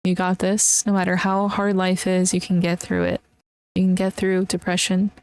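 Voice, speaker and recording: A young woman hosting her own podcast, talking in an earnest, emotional and encouraging way, with many pauses and fillers. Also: on the low side, completely flat delivery, darkish tone, smooth. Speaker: podcast host. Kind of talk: casual solo podcast talk.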